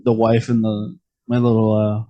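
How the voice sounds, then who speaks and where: A man's voice: lowish voice, monotone, normal speed, mellow, lo-fi sound. A man as a podcast guest in casual chat, easygoing, dropping chuckling asides and short backchannels.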